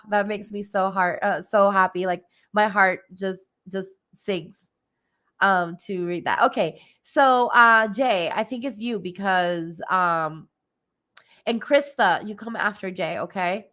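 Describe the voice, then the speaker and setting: A woman's voice: mid-range voice, slow pace, bright, forceful tone. A woman hosting a spiritual livestream, chatting casually and giggling often, with lots of fillers. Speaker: livestream host and spiritual reader.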